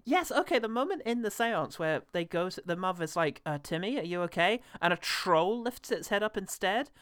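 A man's voice: high-pitched, animated, moderate pace, a bit bright, clean tone, dry recording, studio quality. A man co-hosting a casual film review podcast, joking and sardonic, laughing often between his remarks. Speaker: podcast co-host.

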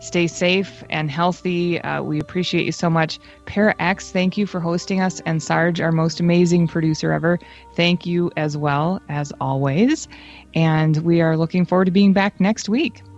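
Upbeat low-voiced woman co-host. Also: normal speed, dull audio, faint music behind. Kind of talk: casual chat on a live online radio show.

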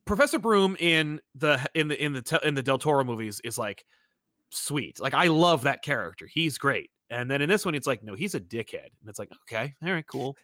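A man's voice: mid-range voice, animated, fairly quick, bright, forceful tone, dry recording, studio quality. A man co-hosting a casual movie chat, rambling and profane, full of fillers and restarts.

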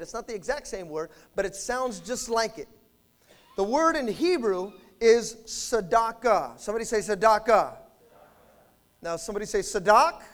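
Very high-voiced male pastor preaching. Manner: emphatic, with call-and-response prompts to the congregation; swings between loud bursts and quiet asides. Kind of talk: sermon.

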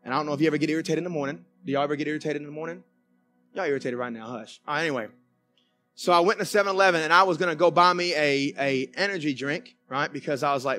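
A male pastor preaching a conversational sermon in a church, folksy and animated, with many restarts. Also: on the high side, rapid-fire, soft background music. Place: church sanctuary.

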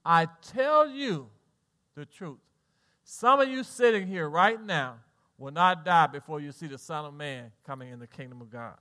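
Here a middle-aged Southern pastor sermonizes, alternating between soft, low lines and loud exhortation. He's folksy and jokes with the congregation, using lively intonation at a moderate pace.

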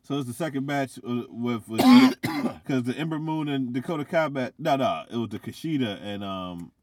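A man's voice: mid-range voice, a little mellow, dry recording. A man co-hosting a casual wrestling podcast, playful and teasing. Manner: playful, teasing, quick to laugh. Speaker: podcast co-host.

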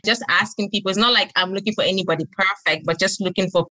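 A woman's voice: medium pitch, steady tone, fast, sharp tone, dry recording, low-quality recording. A woman hosting a podcast in a casual, effusive chat, laughing often. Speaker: podcast host.

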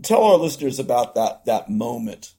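A man's voice: medium pitch, sing-song, normal speed, creaky, a crowd in the background. A man co-hosting a podcast, speaking thoughtfully and hesitantly, often restarting his phrases. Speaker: podcast co-host. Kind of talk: reflective casual talk.

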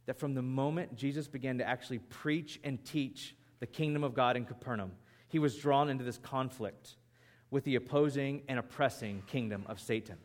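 A man preaching a sermon as pastor, in an animated, conversational way. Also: medium pitch.

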